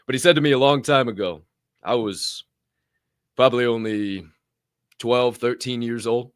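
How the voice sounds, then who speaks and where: At a normal pace and with a smooth voice, a young podcast co-host gives a lively, foul-mouthed motivational monologue. He shifts from loud outbursts to low mutters, captured in clean, echo-free studio sound.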